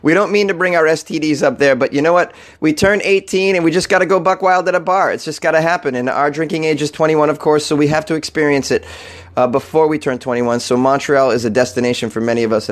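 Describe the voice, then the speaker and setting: A man's voice: on the high side, fast talker. A young man from New England hosting a casual comedic news talk show, irreverent and swearing, laughing at his own jokes. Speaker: radio show host.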